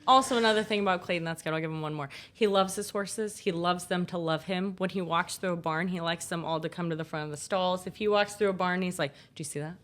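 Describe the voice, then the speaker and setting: A woman's voice: lowish voice, fast, few pauses. A woman from California, a podcast guest, telling stories in casual chat and acting out what others said. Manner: animated storyteller who acts out quoted dialogue.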